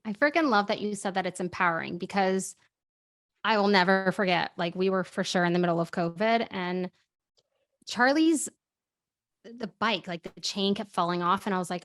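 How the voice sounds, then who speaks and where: A woman hosting a conversational podcast interview, animated and quick to get heated. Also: mid-range voice. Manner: animated, speeds up and swears when heated. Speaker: podcast host.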